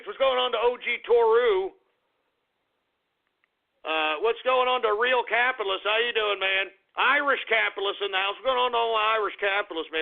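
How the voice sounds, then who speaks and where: Man, brash crude radio host, gravelly, mock-furious ranting, tinny phone-like audio. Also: high voice. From Texas. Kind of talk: comedic call-in radio rant.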